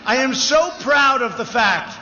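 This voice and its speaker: A man's voice: very high voice, animated, unhurried, sharp tone, highs cut off, a little hiss or hum. A man giving an off-the-cuff speech at a large outdoor rally, emphatic and repetitive, with rambling asides. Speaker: political rally speaker. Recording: echoey PA sound at a rally, cheering crowd behind. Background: crowd cheering.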